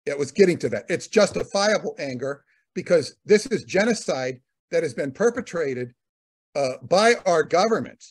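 Guy with a kinda high husky voice, rambling talk, lots of uh and repeats. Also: lively intonation, moderate pace. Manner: rambling, repeats words, many fillers. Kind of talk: conversational commentary.

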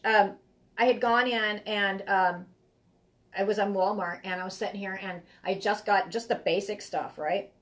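A woman's voice: medium pitch, fairly even intonation, normal speed, fairly bright tone. Rambling woman reading tarot. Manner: rambling, heartfelt, repeats herself. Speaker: tarot reader. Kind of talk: live-streamed tarot reading.

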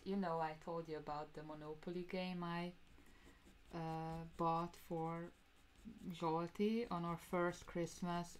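A woman's voice: low-pitched, slight background noise. A woman hosting a coloring livestream, chatting casually and laughing with her viewers. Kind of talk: casual chat to stream viewers.

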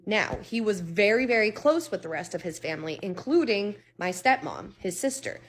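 A woman's voice: medium pitch, expressive, normal speed. A woman around thirty telling a personal story in a casual storytime, earnest and candid, stressing points by repeating words. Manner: earnest and candid, occasional swearing.

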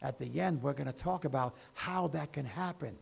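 Man pastor preaching, deep gravelly fry, husky voice, slow delivery. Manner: preaching with slow, rising and falling emphasis. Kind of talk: sermon.

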